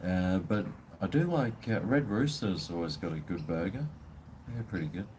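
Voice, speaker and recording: A man's voice: low-pitched, animated, moderate pace, darkish tone, a little hiss or hum. An Australian man hosting a casual live stream, rambling and blunt, swearing freely while drinking beer.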